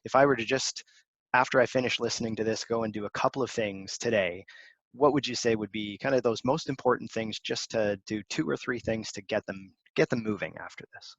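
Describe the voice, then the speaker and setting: A man hosting a podcast interview, affirming his guest and asking questions haltingly, with many fillers. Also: lowish voice, fairly bright tone, no echo, highs cut off. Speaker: podcast host.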